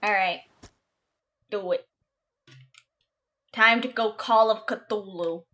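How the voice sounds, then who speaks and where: A woman's voice: mid-range voice, fairly even intonation, slow, a bit bright. A woman streamer chatting casually while gaming, self-mocking and swearing freely. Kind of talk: casual game streaming chat.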